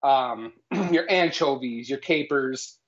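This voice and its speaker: This cooking-stream co-host speaks slowly in a medium-pitched voice, laying out absurd facts with mock authority and ending lines with "all right?". The jokey live stream has slightly dull, lo-fi sound.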